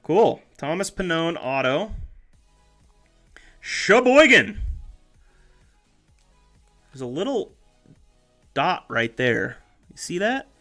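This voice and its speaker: A man's voice: fairly high pitch, big pitch swings, measured pace, soft background music. A man chatting casually on a live stream as he opens packs, reading names aloud, joking and correcting himself along the way. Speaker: streamer opening trading card packs.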